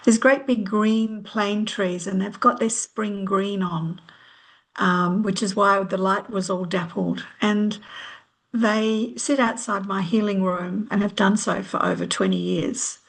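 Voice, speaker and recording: On a video call, a middle-aged woman who works as a healer shares reflectively as a workshop participant in casual conversation. She speaks slowly at a medium pitch, her tone steady and creaky, hesitating often with many ums.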